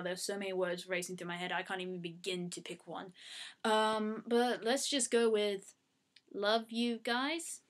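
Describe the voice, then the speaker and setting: A woman's voice: mid-range voice, a bit bright. A young Australian woman casually answering fan questions at home into her webcam mic, chatty and self-mocking. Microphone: webcam microphone.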